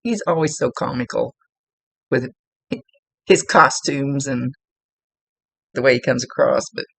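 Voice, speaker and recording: A woman's voice: rumbling low, unhurried, gravelly, a bit bright, slightly rough, no echo. A woman working as a psychic medium, chattily relaying spirit messages in a casual reading and laughing now and then.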